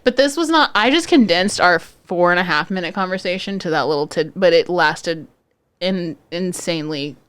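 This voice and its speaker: A woman's voice: fairly low pitch, lively intonation, normal speed, fairly bright tone, clean tone. A young adult woman co-hosting a casual podcast, a hospital therapist telling blunt, profane stories about work. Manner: blunt, profane, chatty storytelling. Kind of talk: casual chat. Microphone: podcast studio mic.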